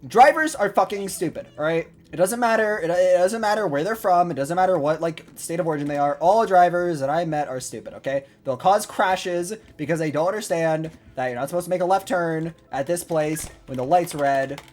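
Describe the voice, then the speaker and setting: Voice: mid-range voice, a little fast, few pauses, darkish tone. A young adult vlogger in an unscripted, profane rant, rambling with many restarts.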